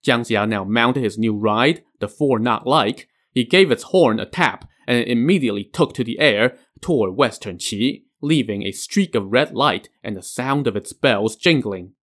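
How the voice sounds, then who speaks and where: A man's voice: mid-range voice, lively intonation, moderate pace, few pauses, fairly bright tone. A man hosting a podcast, retelling a legend with casual asides. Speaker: podcast host. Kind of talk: storytelling narration.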